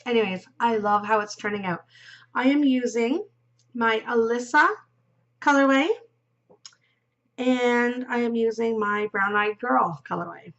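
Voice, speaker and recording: A woman's voice: a little high, unhurried, long pauses, a bit bright. A woman hosting a knitting podcast, chatting casually and rambling as she knits, giggling and dropping into murmurs, yawning now and then. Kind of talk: casual chat while knitting. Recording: dull lo-fi recording.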